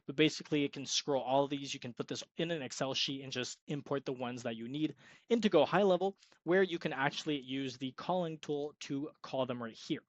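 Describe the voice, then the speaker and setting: A young man gives an upbeat, salesy screen-share tutorial on freelance web design, occasionally acting out sample sales calls. His mid-range voice is brisk, captured on a screen-recording mic that sounds dry and lo-fi.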